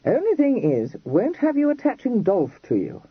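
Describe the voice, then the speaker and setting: A man playing a blunt young Regency dandy in an audiobook, clipping his slangy phrases short with a lively, up-and-down delivery. The voice sounds husky, in a dry, dull recording. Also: high-pitched, normal speed, no room sound, voice pushed up, full character voice.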